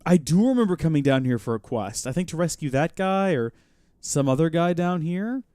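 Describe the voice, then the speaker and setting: A man hosting a live game stream, chatting, joking and reacting out loud as he plays. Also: on the high side, animated, moderate pace, clean tone, no room sound. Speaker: host.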